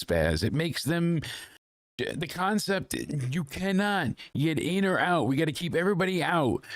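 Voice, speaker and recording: A man's voice: fairly high pitch, no echo, clean studio sound. A young adult man giving a heated, profane live review as host, ranting in an exasperated way. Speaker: wrestling show reviewer. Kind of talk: casual live rant.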